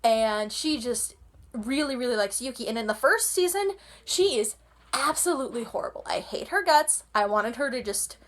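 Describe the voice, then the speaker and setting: A woman's voice: a little high, lively intonation, normal speed. A woman ranting casually about a show she loves, gushing and rambling, with frequent restarts. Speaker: anime vlogger. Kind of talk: casual rant.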